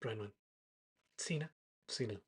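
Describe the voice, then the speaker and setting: A man voicing a stately male high priest who speaks in a formal, courteous, measured way. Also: breathy edge.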